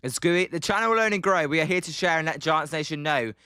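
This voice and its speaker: British male streamer, casual play-by-play, bright, slightly high voice, dry close sound, filler-heavy. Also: fast talker, clear, resonant tone, no room sound. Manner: chatty, many ums, reads chat aloud. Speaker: livestream host doing play-by-play. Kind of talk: casual live commentary with chat replies.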